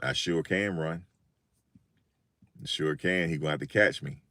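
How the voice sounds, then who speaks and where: Low-voiced older New man joking. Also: a little slow, no echo. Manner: animated, jokey, repeats himself. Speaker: vlogger. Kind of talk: casual storytelling monologue.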